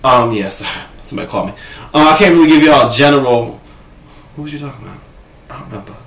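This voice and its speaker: A man vlogging a casual reaction-video rant from home, sassy, profane and animated, talking to his own camera. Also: mid-range voice, fast. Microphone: camera set up in front of him. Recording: echoey room.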